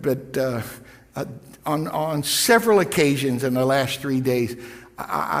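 Middle-aged guy preaching in a big echoey church, stumbles and repeats himself, medium pitch. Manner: halting, repeats words, emotional. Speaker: pastor. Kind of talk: sermon storytelling. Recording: long reverb of a large hall.

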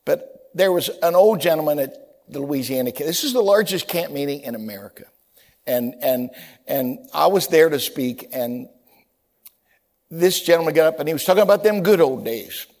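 A man preaching a sermon as a pastor, telling stories in an animated way and often repeating words as he stumbles. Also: a little high, moderate pace.

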